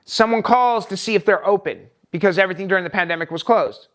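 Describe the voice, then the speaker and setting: High-voiced man telling a rambling story. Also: fast, fairly bright tone. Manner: rambling, emphatic retelling with restarts. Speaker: vlogger. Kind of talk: personal storytelling vlog.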